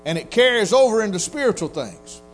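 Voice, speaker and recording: A man's voice: high-pitched, very animated, a little fast, slight background noise. A man preaching a sermon in a folksy, storytelling way, acting out quotes. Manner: folksy Southern preacher, acts out quotes in voices. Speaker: pastor.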